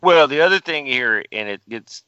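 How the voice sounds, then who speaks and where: A man as a co-host giving casual commentary in a dry, deadpan manner. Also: medium pitch, normal speed, background noise. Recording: dull, dry lo-fi audio.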